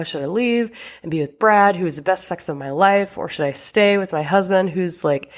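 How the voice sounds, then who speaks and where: A young woman hosting her own talk show as a relationship coach, chatting casually and with exasperation, swearing and laughing, with a sinus infection. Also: low voice. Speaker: podcast host and relationship coach. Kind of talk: casual solo podcast talk.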